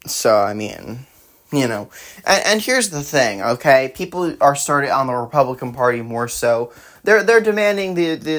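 A woman, hosting her own podcast. She rails against politics in an indignant monologue, hitting some lines loud and others low. The outbursts are heated and direct. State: out of breath at times. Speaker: podcast host.

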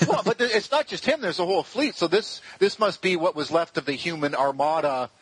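A man's voice: a little high, brisk, fairly bright tone, slightly rough, low-quality recording. A man co-hosting a podcast, chatting casually and profanely about a movie with lots of fillers. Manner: swears heavily, rambling with many fillers. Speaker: podcast co-host.

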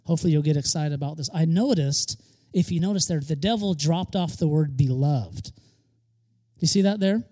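A high-pitched man preaches a sermon with an emphatic, lively delivery. He drives points home by repeating key phrases and lightens things with quick joking asides. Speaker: pastor.

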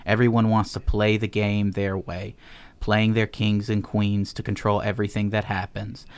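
Man doing a lower-voiced jester killer, mock-casual, chuckling, read into a podcast story pitch. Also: level tone, normal speed, clean tone, close to an everyday voice. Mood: grave. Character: murderous male jester-like killer, calmly amused.

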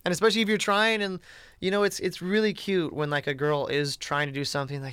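A man's voice: on the high side, little pitch movement, quick pace, fairly bright tone, clean tone, dry recording. A man talking casually and bluntly in a rambling way, with lots of "you know" and "like". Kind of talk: casual chat.

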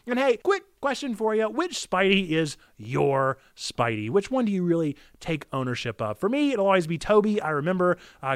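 A man's voice: high voice, fairly bright tone, smooth, dry recording, studio quality. A young man, an enthusiastic pastor and streamer, giving a chatty, upbeat sign-off to his viewers.

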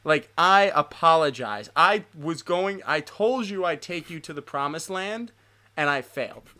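A man's voice: fairly high pitch, animated, measured pace, pushed and bright. A man mimicking a contrite quarterback apologizing. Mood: mock apology. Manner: mock-solemn, profane.

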